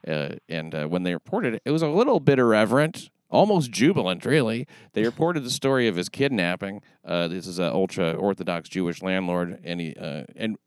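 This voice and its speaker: A man hosting a comedy talk show with a New York accent, delivering ironic remarks in a dry, halting way. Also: sits low, expressive, smooth, no room sound. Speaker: podcast host.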